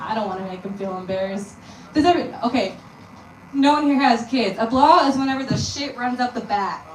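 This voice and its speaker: A young woman from Texas doing a stand-up comedy set in a deadpan, self-deprecating way. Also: fairly high pitch, a little hiss or hum. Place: comedy venue with audience. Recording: roomy live sound from a distant mic.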